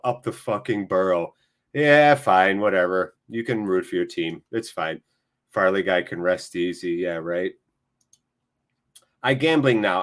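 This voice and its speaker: A man with a fever, hosting a casual live football watchalong, rambling, self-mocking and swearing casually. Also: fairly low pitch. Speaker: livestream host.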